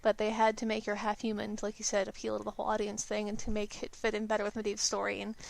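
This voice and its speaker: A woman's voice: mid-range voice, monotone, fast talker, gravelly, rough recording. A woman co-hosting a podcast, chatting casually and sarcastically with frequent swearing. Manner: swearing, sarcastic, lore-savvy gamer talk. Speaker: podcast co-host. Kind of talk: casual chat. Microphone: podcast microphone.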